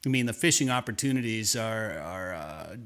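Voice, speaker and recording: A male outdoors radio host with a bright, forward voice. He rambles through a fishing story in casual chat, doubling back and repeating words as he goes. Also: lowish voice, expressive, moderate pace.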